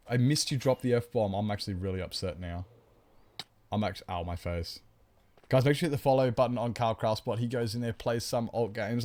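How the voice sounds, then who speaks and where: A man's voice: medium pitch, a little mellow. A man chatting on a live game stream, rambling, greeting viewers and joking about himself.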